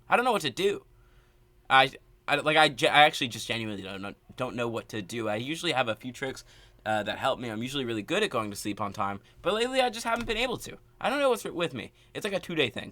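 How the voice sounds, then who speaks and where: A young man telling a casual storytime rant, animated and exasperated, full of filler words. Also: medium pitch, no echo. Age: young adult. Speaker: vlogger.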